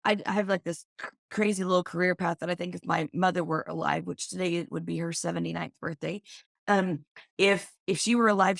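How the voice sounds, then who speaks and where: A middle-aged woman from Oklahoma, a business owner guest, chatting casually and telling lively stories. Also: on the low side, gravelly, no echo, clean studio sound. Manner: lively storyteller, animated in quoted speech. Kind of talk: casual interview chat.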